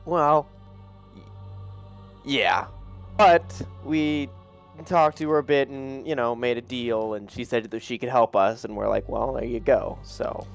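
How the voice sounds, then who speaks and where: Brief: male player, halting and unsure, mid pitch, faint music behind. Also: fairly even intonation, creaky. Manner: hesitant, halting. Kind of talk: playing a character in a tabletop game.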